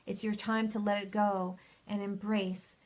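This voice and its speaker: A woman's voice: medium pitch, level tone, a little slow, a little mellow. A woman hosting a live question-and-answer stream as a spiritual coach, speaking soothingly, calling viewers by name and reading their comments aloud, from home. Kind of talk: live-stream advice session.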